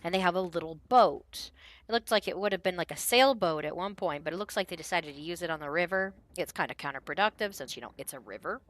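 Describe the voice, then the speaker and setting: A woman's voice: fairly low pitch, expressive, fast, no room sound. A woman narrating a tabletop game as game master in a casual, rambling way. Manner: casual, lots of fillers.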